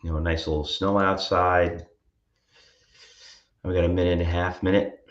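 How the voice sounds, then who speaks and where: A man co-hosting a trading show, telling rambling, animated stories in casual chat. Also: low-pitched, normal speed. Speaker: co-host. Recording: roomy, dull-sounding mic.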